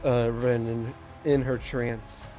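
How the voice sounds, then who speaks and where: Young man, game master, mellow voice, relaxed loose narration, fillers and restarts, faint music behind. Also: mid-range voice, takes it slowly. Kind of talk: casual tabletop game narration.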